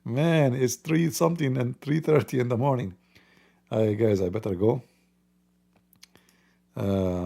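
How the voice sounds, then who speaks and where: Guy on a late night stream, dark husky voice, mocking and laughing a lot. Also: medium pitch, slow pace, pauses often. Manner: mocking, laughs often, broken grammar. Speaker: livestream host. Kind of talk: casual late-night livestream talk.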